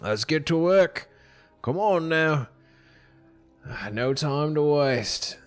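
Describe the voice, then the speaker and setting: Guy putting on a gruff dwarf boss, folksy drawl, kinda boastful. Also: on the high side, expressive, slow, soft background music.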